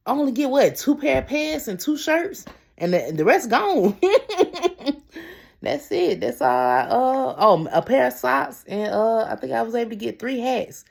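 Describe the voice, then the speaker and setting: Fairly high and sing-song, with vocal fry and a slightly rough edge, a woman's voice rambles through a personal story for her vlog. She addresses viewers as y'all, halts often, trails off, and restarts.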